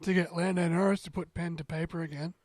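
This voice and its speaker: An upbeat man chatting on a podcast, quick to agree and jump in. His voice sits a touch higher than most men's. The sound is dry and close. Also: fairly even intonation, a little mellow, dry recording. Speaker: podcast co-host. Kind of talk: casual chat.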